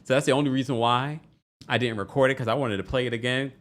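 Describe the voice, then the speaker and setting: A man's voice: medium pitch, fast talker. A man hosting a casual recap podcast, talking animatedly and acting out what people said. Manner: animated, acts out quotes in voices, laughs often. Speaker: podcast host.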